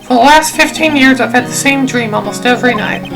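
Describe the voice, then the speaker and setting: A woman voicing a troubled young male prosecutor who speaks gravely and quietly, with game music behind. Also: high voice, fairly quick, poor audio. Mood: haunted.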